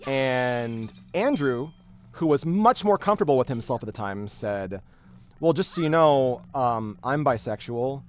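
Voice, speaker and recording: At a measured pace and in a mid-range voice, a man hosting a game stream rambles through an animated story, often restarting and using fillers. Faint music sits in the background.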